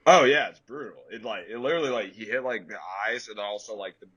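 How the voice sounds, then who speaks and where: A young podcast host in his twenties tells stories in casual chat, talking fast in a slightly rough voice. He's an animated storyteller who leaps way up in pitch whenever he quotes someone shrieking.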